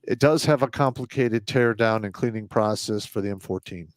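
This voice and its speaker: A low-pitched man speaks in a plain, matter-of-fact way as a regular on a casual live stream. His voice sounds dry and close, with almost no room in it. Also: moderate pace, no echo. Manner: plain-spoken, recalls details matter-of-factly. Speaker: veteran guest on a stream.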